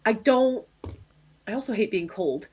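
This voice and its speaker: A woman's voice: a little high, expressive, unhurried, slightly rough. A woman co-hosting a casual podcast from home, telling self-mocking, joking stories. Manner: self-deprecating, joking storyteller. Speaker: podcast co-host. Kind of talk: casual chat. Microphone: headphones on, home recording.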